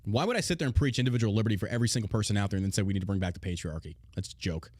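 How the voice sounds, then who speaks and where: A man's voice: fairly low pitch, racing, a little mellow, no echo, studio quality. A man hosting a podcast, ranting casually with brash sarcasm and lots of swearing. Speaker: podcast host. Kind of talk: casual profane rant.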